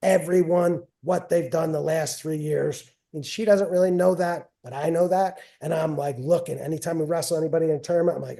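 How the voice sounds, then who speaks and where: A middle-aged wrestling coach telling stories in a casual interview, rambling and repeating phrases with a self-mocking humor. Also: male voice, a little high, steady tone, a little fast, vocal fry, few pauses, dark tone.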